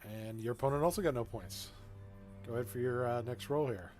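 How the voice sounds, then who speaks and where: A laid-back guy running a tabletop game in a middle-pitched voice, chuckles a lot, lots of ums and uhs, just casual narrating for the players. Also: brisk, faint music behind. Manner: relaxed, chuckling, with filler-heavy asides. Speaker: game master.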